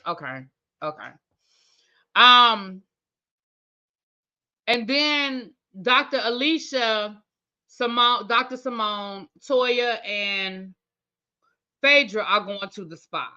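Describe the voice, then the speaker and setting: A woman hosts a TV review channel, recapping an episode in loose, chatty talk. She thinks aloud and speaks straight to her viewers, in a bright, forward voice. The sound is dull and lo-fi. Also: medium pitch, slow pace, pauses often. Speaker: TV review host. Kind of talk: casual recap chat.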